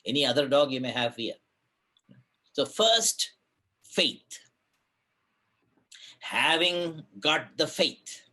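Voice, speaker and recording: A man giving a spiritual discourse, telling a parable in an animated way and acting out the characters' voices. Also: medium pitch, takes it slowly, pauses often. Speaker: spiritual speaker.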